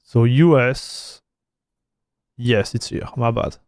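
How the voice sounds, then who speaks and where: A man's voice: mid-range voice, takes it slowly, darkish tone, clear, resonant tone, dry recording, clean studio sound. A man with a French accent, chatting loosely on a live tech stream, with many fillers and repeated words. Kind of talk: casual livestream chat while installing software.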